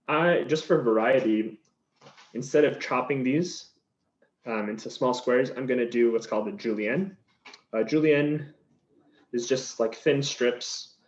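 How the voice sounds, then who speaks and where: A male chef giving a cooking demonstration, explaining each step in an easygoing, chatty way as he chops vegetables in a kitchen. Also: medium pitch. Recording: slightly dull sound with faint noise.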